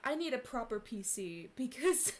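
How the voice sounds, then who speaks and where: A woman's voice: on the high side, sing-song, normal speed. A young woman chatting casually on a live stream before reading fan fiction, giggly and full of fillers and restarts, on a cheap streaming mic. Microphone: cheap streaming mic on a laptop.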